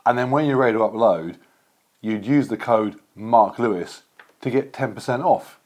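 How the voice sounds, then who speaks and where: Male vlog host, mid-pitched voice, jokey chatty delivery, for a food taste-test. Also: normal speed, a little mellow. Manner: playful, chatty, joking. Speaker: vlogger host.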